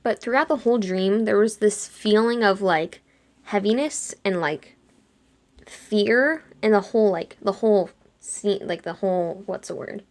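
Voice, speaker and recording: A young woman chatting casually while she sketches, retelling a dream in an animated way and acting out her own lines with lots of "like". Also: mid-range voice, a little slow. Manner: chatty, animated quoting of herself with frequent "like". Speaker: art vlogger.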